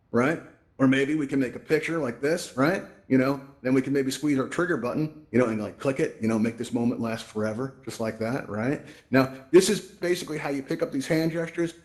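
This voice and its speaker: A man's voice: mid-range voice, a little mellow. A man hosting a live virtual reality class, chatty and walking the audience through the controls, often checking in with "right?". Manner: chatty, keeps asking "right?". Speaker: VR event host teaching controls. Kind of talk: live instructional walkthrough. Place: virtual reality event room, speaking to an audience.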